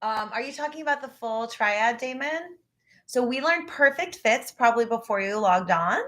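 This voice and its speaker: A woman vocal coach teaching a live online ear-training lesson. She has a phlegmy throat that she clears often, and she breaks into short sung demo phrases. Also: on the high side, expressive, moderate pace, fairly bright tone.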